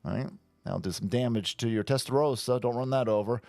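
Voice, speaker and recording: A man's voice: medium pitch, fairly quick, creaky, dry recording, soft background music. Crude mocking man on a dry mic. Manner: crude, mocking, animated play-by-play. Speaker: show host. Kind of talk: casual commentary over video clips.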